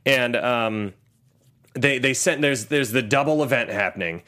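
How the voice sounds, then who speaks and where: A man's voice: medium pitch, measured pace, pushed and bright. A man casually recapping a movie with a friend, swearing and acting out characters' lines. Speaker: podcast co-host.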